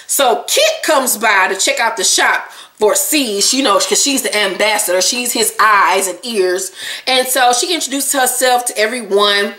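A woman's voice: fairly high pitch, measured pace, bright, forceful tone. A woman recapping a reality show in a casual vlog, brash, sassy and swearing freely. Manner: brash, sassy and profane, with blunt jokes. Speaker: vlogger reviewing reality TV. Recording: echoey room recording.

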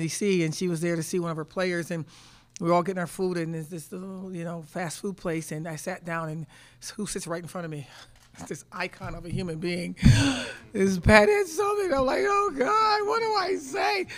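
A woman in her fifties, a head basketball coach answering press conference questions, telling stories emphatically and repeating words as she thinks. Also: lowish voice.

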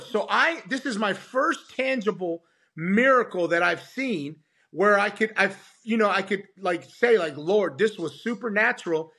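A pastor appears as a podcast guest, animatedly telling his testimony and acting out the voices of the people in it. His voice sits high and sounds husky.

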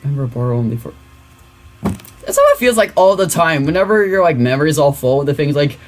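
A young man giving excitable, rambling commentary as he plays a computer game. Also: a little high, a little fast. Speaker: gaming youtuber. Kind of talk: casual let's-play commentary.

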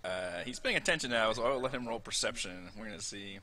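A man's voice: on the low side, lively intonation, fast talker, sharp tone. A man narrating as dungeon master in a tabletop game, often chuckling.

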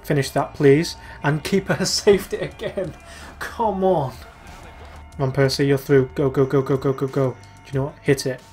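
A man's voice: medium pitch, fairly even intonation, fairly quick, few pauses, darkish tone, faint music behind. A young man commentating live over a football video game, exasperated and urging his players on. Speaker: gaming YouTuber.

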